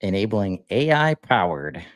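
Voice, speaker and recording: A man's voice: on the low side, measured pace, no echo. A man co-hosting a podcast, chatting casually with plenty of fillers and restarts. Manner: relaxed, rambling, lots of fillers. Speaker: podcast co-host. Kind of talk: casual chat.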